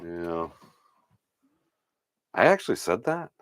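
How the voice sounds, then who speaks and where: A man's voice: low-pitched, very animated, slow, no room sound, studio quality. A man from Iowa co-hosting a casual livestream chat, laid-back, often laughing and giving short replies. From Iowa, United States. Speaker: podcast co-host.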